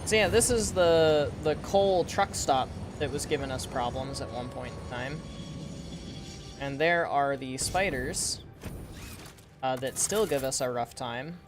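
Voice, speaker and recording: A man's voice: mid-range voice, measured pace, over music. A man giving casual live-stream gameplay commentary, rambling and laughing at his own puns. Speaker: game streamer.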